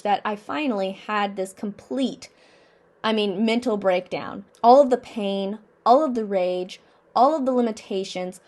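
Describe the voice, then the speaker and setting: A woman in her twenties speaks to her viewers in an earnest, personal motivational talk. Her voice sits a little high, and she circles back on her own phrases, firing questions at herself as she reflects. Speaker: vlogger.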